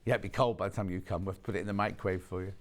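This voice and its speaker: A man's voice: deep voice, steady tone, rapid-fire. A man presenting live on a TV shopping channel, chatty and teasing the off-camera crew, a bit sniffly with hay fever. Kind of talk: live on-air selling chat.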